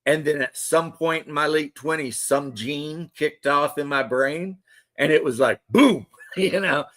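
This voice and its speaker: A man in his thirties hosts a livestream, bantering with viewers in a loose, rambling, joking way. His voice sits on the high side, a little slow, with a fairly bright tone.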